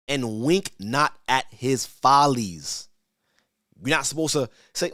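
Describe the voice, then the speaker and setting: A man's voice: mid-range voice, lively intonation, fairly bright tone, dry recording. Guy preaching bible stuff casual, keeps saying right?, mid voice, dry close sound. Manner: conversational, asks rhetorical "right?", stammers repeats; reads verses slowly and emphatically. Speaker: church elder teaching scripture.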